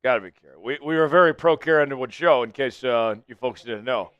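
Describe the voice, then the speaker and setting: Man, fan livestream host, excitable, crisp voice, dry sound, faint music behind. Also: medium pitch, fast talker, no echo, highs cut off. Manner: excitable, hypes up chat viewers. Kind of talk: live game watch-along chat.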